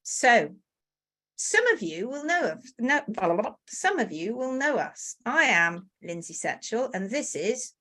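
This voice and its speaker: Woman, webinar host, bubbly and talkative, on a video call, slightly high voice. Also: big pitch swings, a little slow, pushed and bright. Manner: chatty, bubbly, reads out greetings. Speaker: webinar host, horse care instructor. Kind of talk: casual live webinar welcome.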